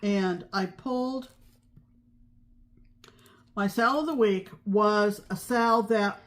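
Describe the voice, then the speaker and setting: A woman's voice: medium pitch, slow. A woman co-hosting a casual crafting podcast, talking in a rambling way with frequent ums and restarts. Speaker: podcast co-host. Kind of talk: casual chat about cross-stitch.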